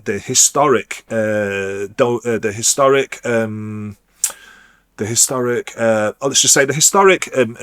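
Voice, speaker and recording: A man, a DJ guest telling a personal story in a rambling, halting way, full of restarts. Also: on the low side, a bit bright. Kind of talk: casual storytelling.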